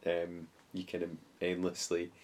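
A man hosting a podcast in a guest's home studio, upbeat and quick to laugh, with many short affirmations. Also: sits low, monotone. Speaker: podcast host. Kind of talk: casual interview chat.

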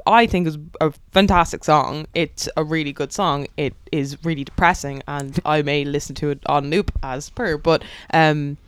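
A woman's voice: low-pitched, steady tone, normal speed, hardly any pauses, clean tone, dry recording. A woman co-hosting a podcast in chatty, playful talk. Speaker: podcast co-host. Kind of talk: casual chat.

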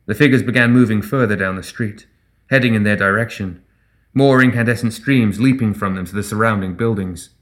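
A man reading a fantasy story aloud as narrator in a measured, even way. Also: on the low side. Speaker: audiobook narrator. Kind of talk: scripted narration.

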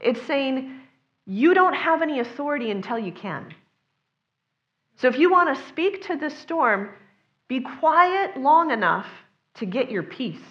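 A woman delivers a sermon in an earnest, conversational tone, her voice sitting a little high. Now and then she slips into other people's voices as she quotes them. The recording sounds slightly dull and lo-fi. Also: big pitch swings, measured pace. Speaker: preacher.

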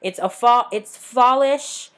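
A woman with a Southern US accent co-hosting a casual chat podcast, laughing often and acting out quick asides. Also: fairly high pitch. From American South. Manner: laughs often, animated, drifts into voiced asides. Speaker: podcast co-host.

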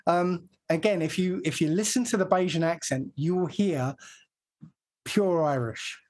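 A man's voice: fairly high pitch, measured pace, a little mellow. A man from England explaining a point at length in casual conversation, laughing now and then.

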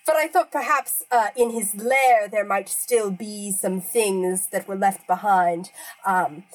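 A woman's voice: medium pitch, takes it slowly, lightly acted, rough recording. Woman playing a nerdy polite wizard guy, lots of ums, formal talk. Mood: earnest. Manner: hesitant, filler-heavy, formal. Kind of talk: in-character tabletop role-play.

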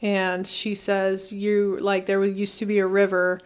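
Smooth-voiced woman retelling a film. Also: mid-range voice, measured pace. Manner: animated retelling with acted quotes. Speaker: co-host recapping a film. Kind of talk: casual chat.

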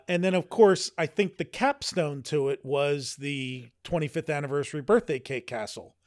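A man's voice: fairly high pitch, dry recording, studio quality. A man co-hosting a podcast in casual chat, rambling with frequent restarts. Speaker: podcast co-host.

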